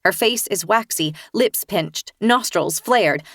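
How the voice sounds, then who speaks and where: A woman's voice: medium pitch, expressive, slow pace, hardly any pauses, a bit bright, no echo. Woman, audiobook narration, first person thriller, tense, vivid, dry studio sound.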